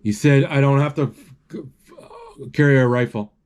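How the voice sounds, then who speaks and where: A man retelling a film as it plays, describing scenes and reading lines aloud in a halting way with many restarts. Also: medium pitch. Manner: halting, restarts often, reads out dialogue flatly. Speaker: movie narrator. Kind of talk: casual live retelling of a film.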